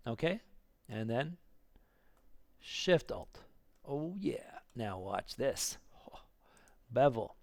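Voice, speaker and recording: A man teaching 3D modelling in a screen-recorded tutorial, thinking aloud, counting clicks under his breath and getting excited at the results. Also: mid-range voice, dry recording. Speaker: 3D modelling instructor.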